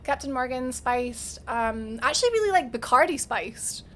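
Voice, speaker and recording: A woman's voice: sits high, expressive, moderate pace. A young Scottish woman streaming a game, chatting casually with her chat and laughing often. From Scotland.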